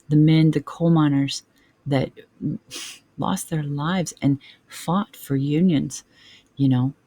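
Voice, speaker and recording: Earnest man with gravelly low tone. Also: warm tone, dry recording. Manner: conversational, earnest, frequent filler phrases. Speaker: family vlogger. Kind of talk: casual heartfelt vlog address.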